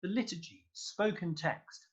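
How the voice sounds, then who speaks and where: A man's voice: sits high, unhurried, lo-fi sound. A man chatting as a guest conductor in an interview, effusive and rambling, with lots of fillers. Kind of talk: casual interview chat.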